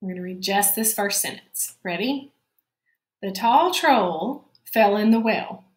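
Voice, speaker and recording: A woman teacher giving a spelling lesson to young children, dictating slowly and clearly and repeating each word. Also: medium pitch, animated, reverberant.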